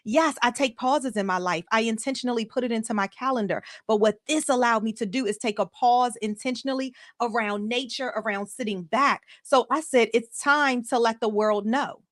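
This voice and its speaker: Woman host, motivational live-stream talk, emphatic, higher voice. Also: a little fast, hardly any pauses, dry recording, studio quality. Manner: energetic, emphatic, repeats for emphasis. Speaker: life coach hosting a live show.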